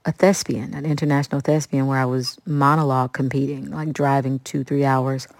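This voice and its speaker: A woman's voice: extremely low pitch, brisk, no room sound. Woman telling stories, dry close mic. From Kansas City, USA. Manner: animated storyteller, acts out quoted voices. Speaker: interview guest, musician. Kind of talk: conversational interview storytelling.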